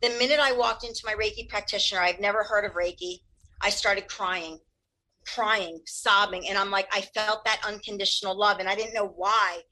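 Animated woman healer, quick candid delivery, ringing bright tone. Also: medium pitch, low-quality recording. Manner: fast, animated, laughs often. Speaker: Reiki practitioner. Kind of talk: candid interview answers.

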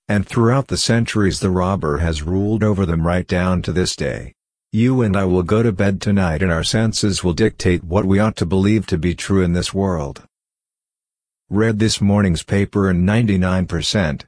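A man's voice: low-pitched, a little mellow, no room sound, clean studio sound. A man giving a spoken spiritual lecture, emphatic, with repeated rhetorical questions.

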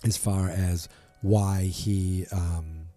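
A man's voice: low-pitched, fairly even intonation, drawn-out words, warm tone, soft background music. A man casually recapping a TV episode, rambling with lots of ums and restarts and acting out the characters' lines. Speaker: podcast host recapping a TV episode.

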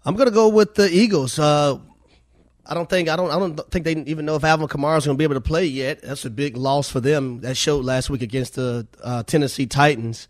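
A man's voice: fairly high pitch, steady tone, fairly quick, dry recording, clean studio sound. A man making casual, joking football picks on a sports talk show. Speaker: sports analyst.

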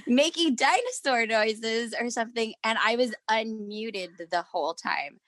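A woman's voice: on the high side, a little slow, a bit bright, dry recording. A woman in her thirties, a manager and parent, telling a story in casual chat and acting out the quotes.

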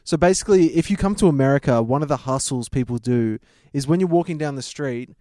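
A man's voice: mid-range voice, quick pace, warm tone, no room sound. Joking guy with a dry mic. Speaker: podcast co-host. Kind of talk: casual comedic banter.

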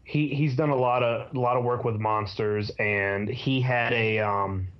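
A man co-hosting a podcast, talking in a hesitant casual way with many pauses and ums. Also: mid-range voice, fairly even intonation. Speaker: podcast co-host. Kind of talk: casual chat. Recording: slightly dull sound.

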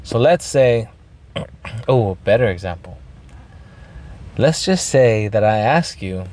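A man hosting a podcast, telling a rambling story with lots of swearing, throat clearing and bits of Spanish. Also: on the low side, animated, takes it slowly, a little mellow. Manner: mixes in Spanish phrases. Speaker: podcast host. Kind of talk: casual storytelling monologue.

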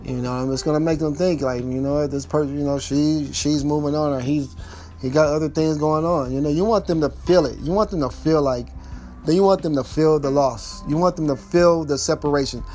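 A man's voice: on the high side, fairly quick, warm tone, soft background music. A man giving casual relationship advice, repeating his points emphatically and speaking informally straight to the listener. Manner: informal speech with double negatives.

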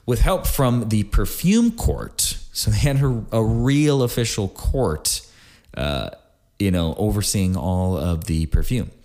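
A man's voice: lowish voice, expressive, slow, a little mellow. A married man hosting a podcast episode, explaining things in a casual, rambling way with many fillers and small jokes. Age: adult, married. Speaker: podcast host.

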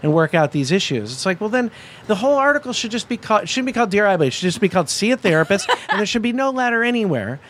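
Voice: medium pitch, expressive, racing, a bit bright. A podcast host talking casually, blunt and swearing, ranting with a lot of animation. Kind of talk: casual chat.

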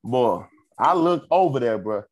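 A young man with a Chicago accent tells a rambling story, loose and full of cursing. His voice sits at a middling pitch. It leaps high whenever he acts out what someone said. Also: measured pace, slightly rough. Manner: animated, profane, jumps into high quoted voices. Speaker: podcast co-host. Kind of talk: casual storytelling chat.

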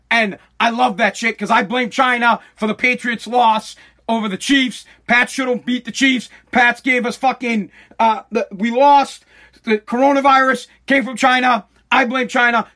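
A man in his forties rants on his own podcast with a strikingly high voice. His tone is bright and forceful. He talks in an excitable, profane, rambling way. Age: 40s. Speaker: podcast host. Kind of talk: solo podcast rant.

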